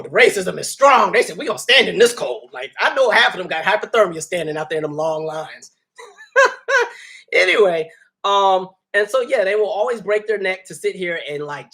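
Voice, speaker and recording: A man's voice: a little high, fairly bright tone. A man hosting a casual livestream, talking animatedly, laughing and reading viewer comments aloud. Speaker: livestream host.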